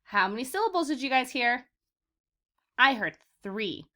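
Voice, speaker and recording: A woman teacher leading a vocabulary lesson for young children, sounding out words slowly for them to repeat and calling them "my friends.". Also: a little high, big pitch swings, pushed and bright. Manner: slow, exaggerated word modeling for repetition; encouraging, addresses children as "my friends".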